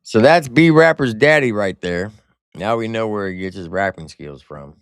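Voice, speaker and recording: A man's voice: lowish voice, animated, moderate pace. A man hosting a livestream panel, talking in a profane, mocking and sarcastic way. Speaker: livestream host. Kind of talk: casual livestream panel talk.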